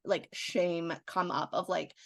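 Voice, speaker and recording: A young adult woman co-hosting a podcast, telling stories in a candid, animated way with lots of restarts. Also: lowish voice, slow, creaky, dry recording. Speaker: podcast co-host. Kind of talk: casual chat.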